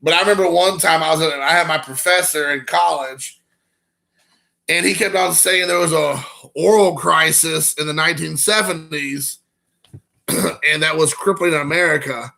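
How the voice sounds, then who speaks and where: A man hosting a live stream and chatting loosely with viewers, rambling from one story to the next. His voice is bright and sharp, with a gravelly crackle running through it. It sits a little high for a man. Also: normal speed. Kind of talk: casual chat with viewers.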